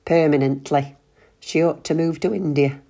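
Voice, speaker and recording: Husky mocking husband done by a woman reader, low pitched, in a spoken story. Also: steady tone. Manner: mocking, loud and quick. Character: grumpy, sarcastic middle-aged husband.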